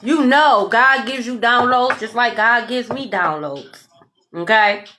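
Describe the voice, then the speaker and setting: Woman tarot reader, high voice, sassy and profane, faint hiss behind. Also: measured pace. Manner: blunt, profane, sassy and animated; repeats "okay?" often. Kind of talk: casual tarot reading.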